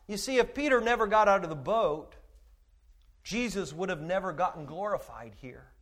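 Emphatic high-voiced male pastor preaching. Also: animated, moderate pace. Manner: emphatic, swings from shouting to hushed asides. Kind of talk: sermon.

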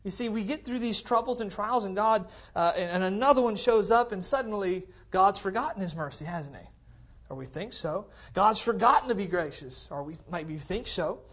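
A man preaching to his congregation in a relaxed, talky way, repeating key phrases to drive them home. He speaks into a cordless mic in a church and keeps checking in with his listeners. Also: high-pitched, moderate pace. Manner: conversational preaching, checks in with "okay? all right?". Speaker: pastor. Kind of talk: sermon. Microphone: cordless handheld mic.

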